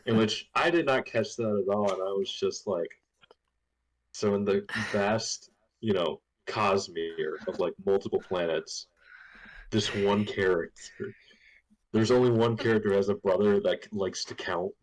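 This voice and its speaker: Low-voiced man rambling in podcast chat. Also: unhurried, a little hiss or hum, rough recording. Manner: rambling, laughs often, trails off with fillers. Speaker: podcast co-host. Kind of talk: casual book-discussion chat.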